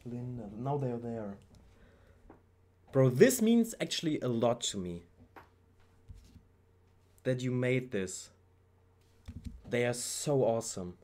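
A young man, excitedly unboxing fan mail at his home PC setup and gushing about every item. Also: medium pitch, slow pace, long pauses. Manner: excitable, gushing, says "bro" often. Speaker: YouTuber.

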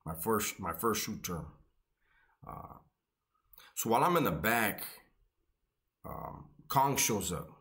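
A man's voice: on the low side, very animated, slow pace, pauses often, a bit bright. A man, telling casual, joking, profane stories. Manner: profane, laid-back, joking. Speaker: storyteller recalling his prison years. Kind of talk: casual storytelling.

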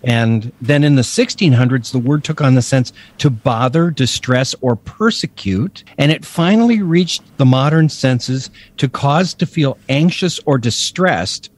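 A man co-hosts a faith podcast as a Bible teacher, explaining scripture in a casual chat with emphatic enthusiasm and frequent laughs. His mid-range voice moves a little slowly, with hardly any pauses.

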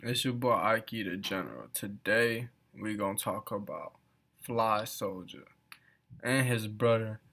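A man's voice: lowish voice, a little slow, creaky, sharp tone. A man hosting a reaction video, mocking what he watches with heavy swearing and frequent laughter. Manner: profane, mocking, laughing often. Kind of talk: casual reaction commentary. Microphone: off camera voice-over.

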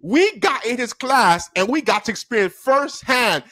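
Young male vlogger, casual slangy storyteller, very expressive pitch, dry close sound. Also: normal speed, dry recording. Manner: animated and slangy, laughs often. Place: indoor room at a desk.

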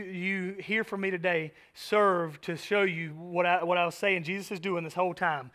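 Bright, high-voiced preaching man. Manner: emphatic, earnest preaching with direct asides to the congregation. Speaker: pastor. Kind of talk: sermon.

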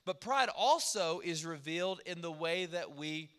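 Bright-voiced preacher in a reverberant hall. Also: male voice, fairly high pitch, unhurried. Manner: animated, acts out quoted voices. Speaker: pastor. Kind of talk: sermon. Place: church sanctuary. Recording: long church hall reverb.

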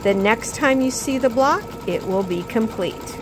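A woman's voice: on the high side, animated, a little slow, noisy background. A woman hosting a casual quilting tutorial, chatty, with many ums and self-corrections, recorded at her sewing table. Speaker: quilting instructor, channel host.

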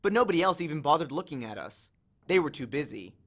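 A man's voice: on the high side, fast talker. A man narrating a novel in the first person, reading expressively. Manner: expressive storytelling. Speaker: audiobook reader.

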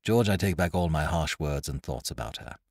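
A man's voice: rumbling low, animated, moderate pace, a little mellow, no room sound, clean studio sound, pitched below the performer's own voice, exaggerated voice. A man doing a hearty grinning pirate captain. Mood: musing. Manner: rough, hearty, old-fashioned sailor talk.

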